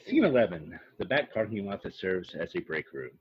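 A man's voice: sits low, big pitch swings, normal speed, highs cut off. A man co-hosting a casual, profane chat recapping a reality TV episode and acting out the cast's lines. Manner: profane, acts out quotes in funny voices. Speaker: podcast co-host.

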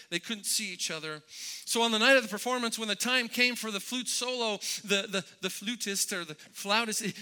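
A man's voice: high voice, pushed and bright, clean tone. A man preaching a sermon, telling a story in a conversational way with many restarts and repeated words. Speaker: pastor.

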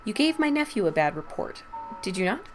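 A woman's voice: medium pitch, sing-song, fairly quick, soft background music, natural voice. A woman reading a poised society lady. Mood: probing.

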